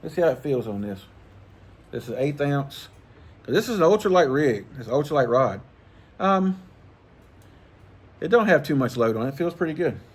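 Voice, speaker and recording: A man's voice: fairly high pitch, big pitch swings, normal speed, long pauses, a little hiss or hum. A middle-aged man, chatting casually and profanely about fishing gear. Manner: rambling, profane, laid-back, chuckling. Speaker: fishing channel host. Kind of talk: casual vlog chat.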